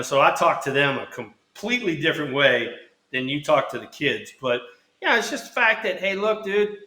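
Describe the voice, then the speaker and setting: A man's voice: fairly high pitch, pushed and bright. Blunt, cursing man in a roomy space. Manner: blunt, profane and rambling. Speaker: co-host, former hitter. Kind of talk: casual podcast chat. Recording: roomy echo.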